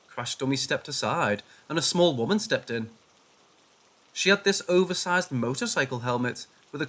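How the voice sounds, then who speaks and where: A man reading a first-person horror story aloud in a hushed, tense manner. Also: mid-range voice. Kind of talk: scripted horror story narration.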